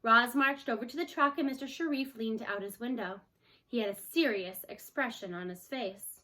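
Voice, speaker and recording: A woman reads a children's novel aloud in an expressive storytelling way. Her voice is bright and sits a little high, and she slows for chapter titles. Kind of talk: reading a children's book aloud.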